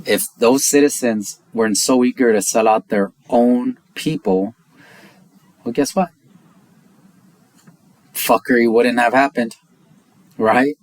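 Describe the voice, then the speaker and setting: A man's voice: medium pitch, no room sound. Blunt, heated man ranting. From United States. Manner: blunt, heated, profane, speeds up and slows for emphasis. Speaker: vlogger. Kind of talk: opinion rant to camera.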